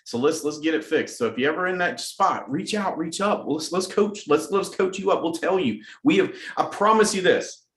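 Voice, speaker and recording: A middle-aged man hosts a weekly team message with an energetic, hyped-up delivery, hammering points home by repeating them. His voice sits a bit high for a man, and the sound bounces around an echoey room. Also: moderate pace, few pauses. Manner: energetic, repeats phrases for emphasis. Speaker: sales team leader hosting a weekly message. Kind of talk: motivational team address.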